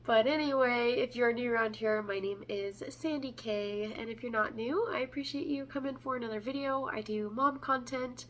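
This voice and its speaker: Bright-voiced young woman with a cold. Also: on the high side, slight background noise. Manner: chatty, laughs often between answers. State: congested with a cold. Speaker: vlogger. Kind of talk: casual pregnancy update.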